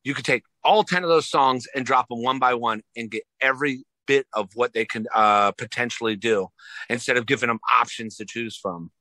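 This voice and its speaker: A man's voice: medium pitch, a little fast, pushed and bright, dry recording. A young adult man, a musician guest, chatting casually and telling stories with swearing and laughter. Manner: loose, profane, laughing storyteller. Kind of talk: casual chat.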